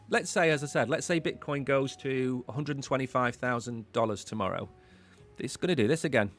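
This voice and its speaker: A man's voice: medium pitch, a bit bright. Male host, casual live market commentary, rambling and conversational, mid-range voice, faint music underneath. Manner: chatty, rambling, repeats words while thinking.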